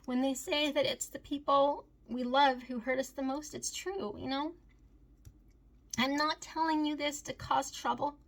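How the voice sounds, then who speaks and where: High-voiced woman in an earnest confessional monologue. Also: fairly even intonation, unhurried. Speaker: recovery advocate. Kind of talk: emotional personal monologue.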